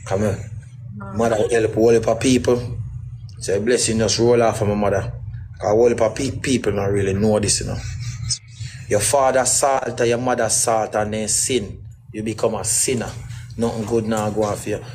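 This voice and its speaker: A man's voice: on the low side, fairly even intonation, normal speed, a little mellow, a little hiss or hum, rough recording. A middle-aged man, guest in a casual interview, talking in rambling, emphatic patois.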